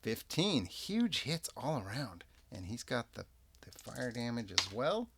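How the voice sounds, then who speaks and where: Slow-talking, lively solo game narrator man. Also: mid-range voice, heavy background noise. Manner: unhurried, chatty, lively ups and downs. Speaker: game master and player.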